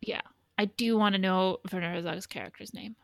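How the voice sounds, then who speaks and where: A woman co-hosting a podcast, talking in a loose, rambling way with lots of restarts and casual swearing. Her voice has a gravelly edge. The recording is dry and close. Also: mid-range voice, steady tone, a little fast, no echo. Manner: rambling, profane, frequent restarts. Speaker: podcast co-host. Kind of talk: casual chat.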